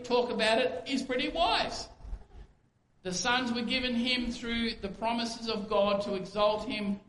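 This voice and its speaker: A man's voice: extremely high pitch, pushed and bright, a little hiss or hum. A man preaching a sermon as a pastor, conversational, asking rhetorical questions and acting out quoted speech. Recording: echoey room with faint ambience.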